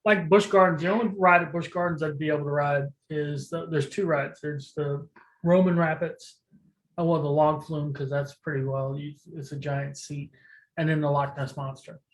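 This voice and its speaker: This co-host spins anecdotes with gusto, laughing through punchlines and swearing freely. The talk is loose and chatty, at a middling pitch. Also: normal speed, low-quality recording. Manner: animated storyteller, profane, laughs while telling. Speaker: podcast co-host. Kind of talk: casual chat.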